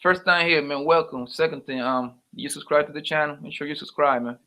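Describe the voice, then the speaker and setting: A man with a fairly high, brisk voice and a sharp tone hosts a casual livestream. He reads out viewers' names as he greets them and teases them with loose, slangy banter.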